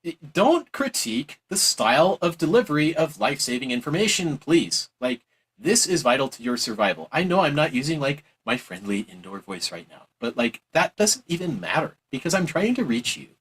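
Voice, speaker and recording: A man giving a heated, preachy opinion monologue on politics, mocking others in exaggerated high voices. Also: big pitch swings, brisk, fairly bright tone, slightly rough, low-quality recording. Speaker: political commentator.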